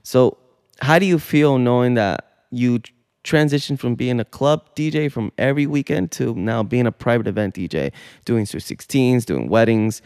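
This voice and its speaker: A man hosting a relaxed studio conversation, his voice dry and close with no room around it. He leans into stories with animated energy, setting up questions for his guests. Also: mid-range voice, normal speed, smooth, dry recording. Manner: storytelling, animated. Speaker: podcast host. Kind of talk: casual studio chat. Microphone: studio mic.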